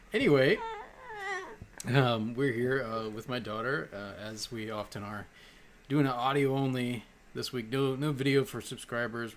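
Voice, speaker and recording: A man's voice: fairly low pitch, a little hiss or hum. A man co-hosting a podcast in a casual, jokey, upbeat way, laughing often. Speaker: podcast co-host.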